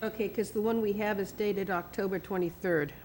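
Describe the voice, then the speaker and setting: A woman chairing a town commission meeting, brisk and procedural as she runs motions and swears in speakers. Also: mid-range voice, steady tone, a little mellow, a little hiss or hum.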